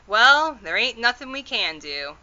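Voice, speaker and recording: Storybook: woman reads an old, plain-spoken tiny father, slow and rustic, clean bright tone. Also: fairly high pitch, sing-song, smooth, highs cut off, voice pushed up, heavily acted. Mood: explaining. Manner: rustic ungrammatical speech, rambling and reassuring. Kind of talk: storybook read-aloud.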